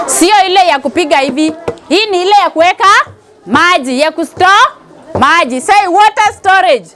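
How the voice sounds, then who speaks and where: A woman with a Kenyan accent teaching a pre-primary class, calling out questions and having the children repeat answers. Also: very high-pitched. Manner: call-and-response, mixes in Swahili phrases.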